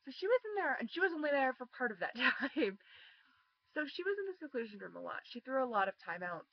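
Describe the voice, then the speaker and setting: Teen girl vlogger, gravelly fry, casual storytime, dull lo-fi sound. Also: medium pitch. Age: teenager. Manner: chatty, frequent ums and likes.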